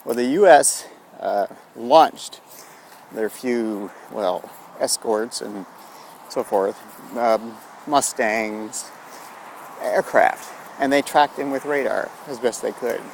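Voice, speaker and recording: A man's voice: medium pitch, slow pace, a little hiss or hum. A man telling a rambling story outdoors, meandering with frequent restarts and fillers. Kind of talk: rambling spoken tale.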